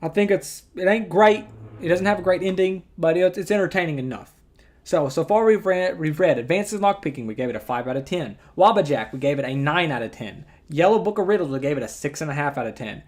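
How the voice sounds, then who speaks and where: A man's voice: on the high side, animated, fairly quick, darkish tone. A man with a rural twang chatting casually as a game streamer, rambling and correcting himself as he goes. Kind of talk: casual gameplay commentary.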